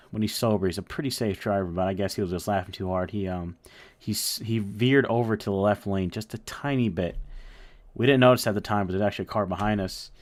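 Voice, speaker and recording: A young man casually telling a story, rambling and swearing with lots of fillers. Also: on the low side. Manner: rambling, profane, full of fillers.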